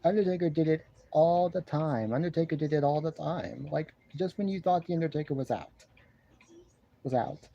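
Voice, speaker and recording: A man talks from his love seat at home, rambling through a casual review and repeating his own phrases. His voice is dark and mellow, and he sounds congested and keeps clearing his throat. The home recording sounds dull and lo-fi. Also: a little high, normal speed. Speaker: wrestling show reviewer. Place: living room at home, seated on a love seat. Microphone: camera in front of him.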